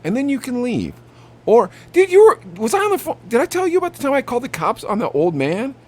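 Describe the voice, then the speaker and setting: A young man co-hosting a podcast, telling animated stories about customers at his vape shop and acting out what they said. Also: very high-pitched, fast talker. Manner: animated storytelling, acts out customers. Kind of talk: casual chat.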